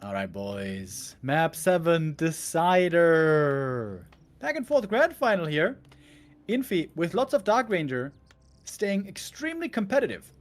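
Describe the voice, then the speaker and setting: A caster giving live commentary on a strategy game final in a playful, animated way. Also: mid-range voice, a little slow. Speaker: esports caster.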